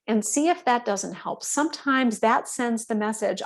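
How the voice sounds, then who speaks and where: A woman giving a calm, explanatory instructional talk to veterinary staff, often checking in with her listeners. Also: on the high side, moderate pace, gravelly, few pauses. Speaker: workshop presenter for veterinary staff.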